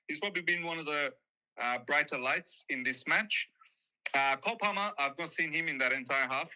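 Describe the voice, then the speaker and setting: Laid-back young man with a very bright voice. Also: mid-range voice, poor audio. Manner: laid-back, laughing, reassuring. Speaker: fellow football content creator. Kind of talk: casual chat.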